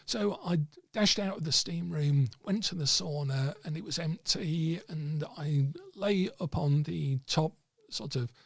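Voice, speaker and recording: A man's voice: a little high, a little slow, gravelly, no echo, clean studio sound. A man hosting an occult discussion, telling a story in a rambling, casual way with many fillers and restarts. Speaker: host of an occult discussion stream.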